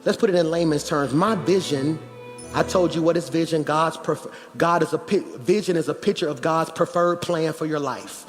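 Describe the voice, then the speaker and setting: High-voiced preacher man in a reverberant hall. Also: normal speed. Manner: conversational preaching that builds to shouting. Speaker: pastor. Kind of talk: sermon. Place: large church hall. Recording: church hall reverb with music behind.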